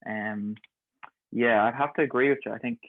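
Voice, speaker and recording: A man's voice: medium pitch, fairly even intonation, moderate pace. Irish man on a tinny call line. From Ireland. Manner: agreeable, many "um" and "yeah" interjections. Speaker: podcast guest, pharmacist. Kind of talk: casual interview chat. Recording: tinny phone-like call audio.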